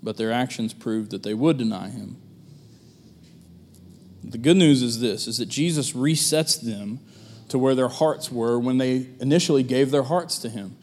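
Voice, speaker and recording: A man preaching a sermon as pastor, relaxed and conversational, with folksy asides. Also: medium pitch, moderate pace.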